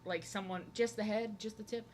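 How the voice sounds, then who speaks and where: A woman draws while chatting casually with her live stream viewers, rambling and filling her talk with "like." Her voice is medium in pitch and darkish in tone, with fairly even intonation and a normal speed. There's slight background noise.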